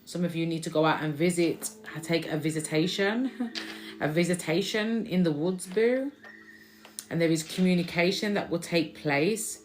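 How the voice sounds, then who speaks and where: A woman gives a casual intuitive card reading, chatting freely and echoing the messages she hears. Her voice is a little low, and faint music plays under her talk. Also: moderate pace. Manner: chatty, repeats lines she hears from spirit. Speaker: spiritual card reader.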